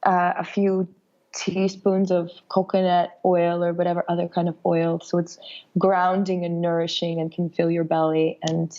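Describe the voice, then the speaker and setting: A young woman with a raspy, hoarse voice from a cold, speaking gently and reflectively as a podcast guest, with many fillers and restarts. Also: on the low side, level tone, normal speed, highs cut off. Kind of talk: casual conversation.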